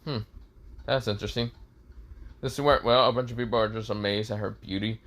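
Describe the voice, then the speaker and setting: A man's voice: fairly low pitch, fairly even intonation, quick pace, a bit bright. Rambling male fan-story narrator. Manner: rambling, many fillers and restarts.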